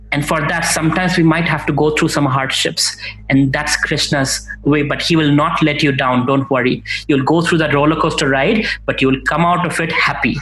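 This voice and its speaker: Man, spiritual teacher, halting delivery, fillers and restarts, roomy sound, faint music behind. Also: a little high, fairly bright tone. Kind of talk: spiritual talk with storytelling.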